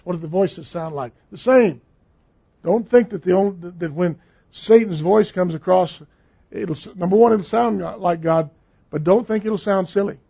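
A man's voice: high-pitched, gravelly, dark tone, breathy edge. A man preaching a sermon in a conversational, emphatic way, repeating phrases for stress. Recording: dull lo-fi recording.

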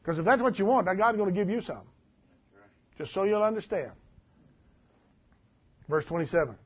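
A man preaches with a high, husky voice. He reads verses and comments on them in a folksy, animated way. The recording sounds dull and lo-fi. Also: moderate pace. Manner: folksy, animated, laughs at the text. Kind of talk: sermon, reading and commenting on scripture.

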